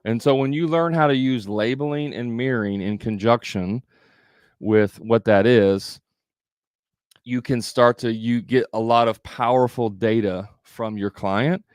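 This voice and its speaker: Man, sales coach, smooth voice, dry close sound, chatty, repeats himself. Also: lowish voice, a little mellow, dry recording. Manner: conversational, repetitive, with fillers and restarts. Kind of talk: live sales training.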